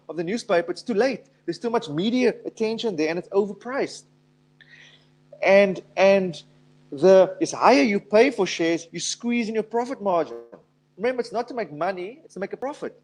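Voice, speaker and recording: A man's voice: sits high, darkish tone. A man giving a motivational talk on investing, emphatic and telling stories. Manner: emphatic, storytelling with acted quotes. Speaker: investment speaker.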